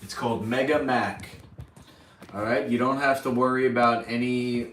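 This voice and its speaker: A man's voice: mid-range voice, fairly even intonation, normal speed, fairly bright tone, a little hiss or hum. Sarcastic man reading news at home. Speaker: host of a home news show. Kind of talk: casual news commentary while cooking. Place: apartment kitchen.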